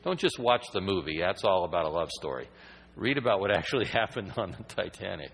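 A man's voice: low voice, sing-song, fairly quick, creaky, a bit bright, breathy edge, long reverb tail, rough recording. A man preaching a sermon in a conversational, rambling way that builds to emphatic points.

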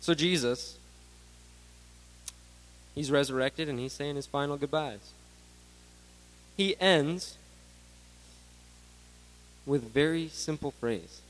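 A man in his twenties giving a sermon to graduates, animated, swinging between loud bursts and hushed asides. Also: on the high side, slow pace, pauses often, poor audio. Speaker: graduation speaker.

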